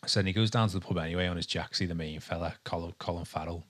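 A man's voice: sits low, fairly even intonation, very fast. A young man from England co-hosting a podcast in casual chat, rambling and hesitant with lots of ums. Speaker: podcast co-host.

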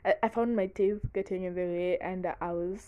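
A young woman talking frankly in casual chat, excitable and quick to burst into laughter, swearing freely. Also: lowish voice, highs cut off. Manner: frank and profane. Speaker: vlogger.

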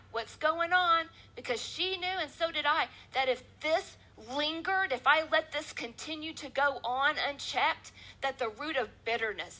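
A woman's voice: high-pitched, sharp tone, rough recording. A woman preaching a sermon in a church, driving her points home with emphatic, repeated phrases.

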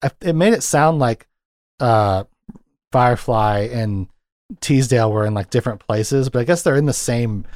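A man's voice: mid-range voice, normal speed, darkish tone, no room sound, studio quality. A man co-hosting a casual film discussion, rambling and retelling scenes with lots of fillers. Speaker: podcast co-host. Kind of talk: casual chat.

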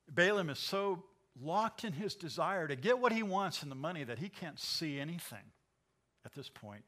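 An older male pastor tells a Bible story with lively, amused energy and chuckles often. His voice sits a little high and comes across bright and forceful. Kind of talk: sermon.

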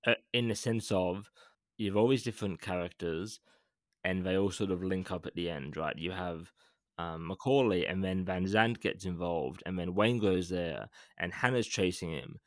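A man co-hosting a film podcast, talking in a measured, hesitant way with a lot of fillers. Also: sits low, no echo, clean studio sound. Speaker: podcast co-host. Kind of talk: casual film discussion.

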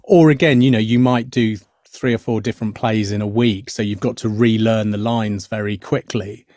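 Man, middle-aged, low pitch, thoughtful, halting with fillers, dry recording, podcast guest actor. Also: steady tone, darkish tone, dry recording. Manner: thoughtful, many fillers and restarts. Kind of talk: podcast interview.

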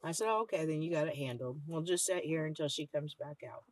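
A woman's voice: deep voice, fairly quick, dry recording. A woman host telling a long story in casual talk, blunt and swearing freely, acting out the other people's lines as she goes. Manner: blunt, heavily profane, animated retelling with quoted dialogue. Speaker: podcast host.

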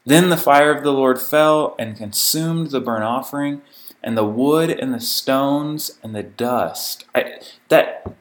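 A man reading a scripture passage aloud and breaking in with informal comments of his own. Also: mid-range voice. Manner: reads the passage steadily, breaks in with informal asides. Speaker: preacher.

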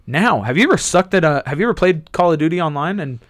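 A man in his twenties chatting casually, telling rambling profane stories and jumping into high squeaky impressions. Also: expressive, fast, dry recording, clean studio sound. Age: 20s. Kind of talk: casual chat.

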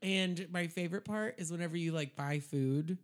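A young woman co-hosting a podcast, chatting casually with a giggly, animated manner. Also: on the low side, normal speed. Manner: giggly, animated, acts out quotes. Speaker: podcast co-host.

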